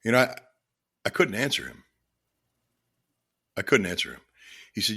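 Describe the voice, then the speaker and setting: A middle-aged man talks through a personal story on his solo podcast. His voice is very deep and husky. He speaks earnestly and from the heart, often restarting his sentences. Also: sing-song, moderate pace, long pauses, bright, forceful tone. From Florida. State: choked up with emotion. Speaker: podcast host. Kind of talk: reflective solo podcast monologue.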